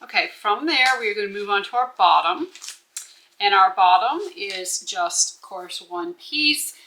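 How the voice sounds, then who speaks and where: A woman's voice: mid-range voice, expressive, measured pace, bright, forceful tone, slight background noise, rough recording. A woman walking through a bag-making pattern step by step, instructive and checking in with the viewer as she goes. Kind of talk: step-by-step sewing tutorial.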